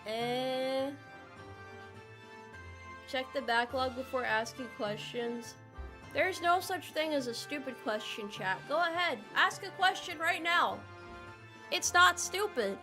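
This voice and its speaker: Slow and high-pitched, a young adult woman banters playfully with her livestream audience, breaking into melodramatic outbursts. Faint music sits behind her voice.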